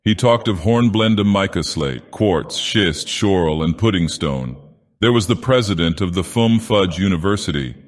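An ancient, godlike villain, put on by a man, reads a storybook tale in a slow, grand, theatrical way. His voice sits very low and rumbles, and every word trails into a long cavernous reverb. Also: lively intonation. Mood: grandiose. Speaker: narrator. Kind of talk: dramatic storybook narration.

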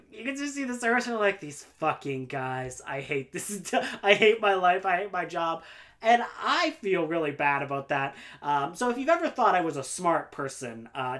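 A man's voice: fairly high pitch, a bit bright. A young man chatting casually in a book tag vlog, rambling and self-deprecating with lots of ums and likes. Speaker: book vlogger.

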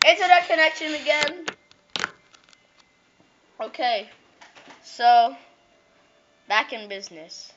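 A woman talks her way through a video game, chatty and excitable, repeating words in a sing-song way. Her voice sits a little high and she takes her time. The recording is dull and lo-fi, like a cheap home mic. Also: slow pace, pauses often, a little hiss or hum. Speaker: gameplay commentator. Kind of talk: casual game commentary.

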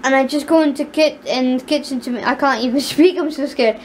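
A woman's voice: high-pitched, fairly quick, a little hiss or hum. A young woman, chatting casually in a home vlog, cooing at her pet and giggling. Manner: talks sweetly to her pet, giggly, frightened asides. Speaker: vlogger.

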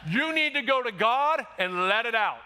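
A man preaching a sermon in a church, animated and conversational, acting out quick quotes as he goes. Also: very high voice. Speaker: pastor. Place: church sanctuary.

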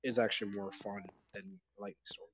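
A man in casual gaming chat, explaining things slowly with lots of fillers. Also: on the low side, little pitch movement. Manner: rambling explainer with many fillers.

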